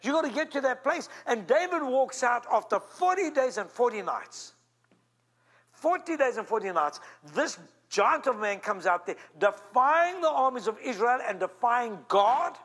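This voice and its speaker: Pastor role, high-pitched man, emphatic storytelling sermon, lively rises and drops. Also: normal speed. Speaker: senior pastor. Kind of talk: animated sermon.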